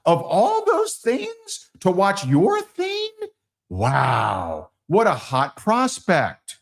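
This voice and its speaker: A man in middle age runs a sales training with a lively, swooping delivery. He jumps into little acted scenes and his pitch sits right in the middle for a man. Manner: animated, acts out dialogues with big pitch swings.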